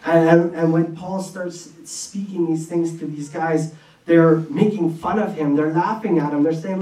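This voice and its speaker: A man preaching a sermon in an earnest, conversational way, with quick bursts and restarts, recorded in a church hall. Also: on the high side, steady tone, mellow. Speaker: pastor. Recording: echoey room from a distance.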